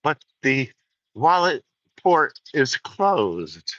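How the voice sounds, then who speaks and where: A man voicing a calm male spaceship supercomputer that refuses requests with slow, measured, cold politeness. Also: medium pitch, dry recording, heavily acted. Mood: coldly reasoning. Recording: dull lo-fi sound.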